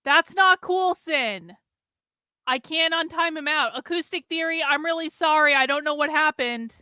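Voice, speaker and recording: Very high-voiced, blunt woman streamer. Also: moderate pace, sharp tone, no echo, clean studio sound. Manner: blunt, swears freely, exasperated at chat. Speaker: live stream host. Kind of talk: live stream chat reaction.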